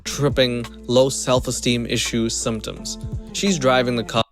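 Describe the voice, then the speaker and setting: A man streaming a reaction video, commenting in a mocking, animated, casual way. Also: mid-range voice, a little slow, soft background music.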